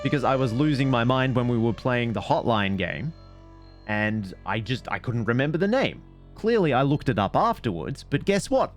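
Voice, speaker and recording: A man reads stories aloud and comments on them during a stream, rambling off on digressions and poking fun at himself. His voice sits at a middling pitch but swings widely as he goes. Soft music plays faintly in the background. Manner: animated, digressive, self-mocking. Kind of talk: casual commentary and story reading.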